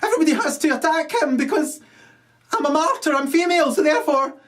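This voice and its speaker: A man voicing a shrill, self-pitying woman who rants and repeats herself. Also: animated, quick pace, a bit bright.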